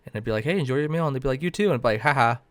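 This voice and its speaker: A man's voice: medium pitch, expressive, rapid-fire, no echo, studio quality. A man in his twenties co-hosting a podcast, telling rambling, self-mocking stories full of swearing. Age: 20s. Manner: rambling, swears a lot, laughs at himself. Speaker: podcast co-host. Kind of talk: casual podcast chat.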